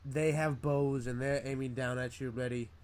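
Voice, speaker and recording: A man running a tabletop game as game master, describing scenes in a hesitant, halting way. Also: mid-range voice, steady tone, darkish tone. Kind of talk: narrating a tabletop game session.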